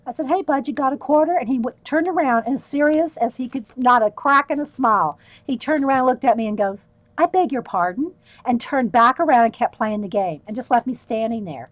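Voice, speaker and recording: A middle-aged woman livestreams herself painting, telling rambling, chatty stories and often breaking into laughter. Her voice sits a little high and moves briskly with few pauses. The recording is lo-fi, with no room sound.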